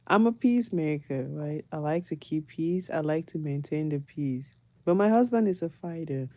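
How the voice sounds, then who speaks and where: A middle-aged woman chats through family stories, laughing often and full of gossipy energy. Her voice is fairly low and warm, with a mellow tone. The sound is dry and close. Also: animated, unhurried, dry recording. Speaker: family vlogger. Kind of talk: casual storytelling.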